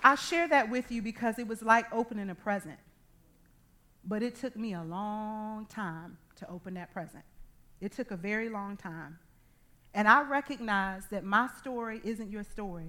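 Lady preacher telling her story in a sermon, acts out the voices, gets loud then soft. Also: mid-range voice, moderate pace. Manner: animated storytelling, acting out dialogue. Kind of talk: sermon with personal testimony.

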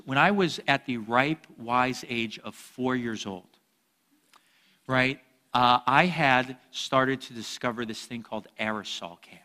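A man preaching a sermon, a lively storyteller with jokes who swings between loud and soft. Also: mid-range voice, big-room sound. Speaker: pastor.

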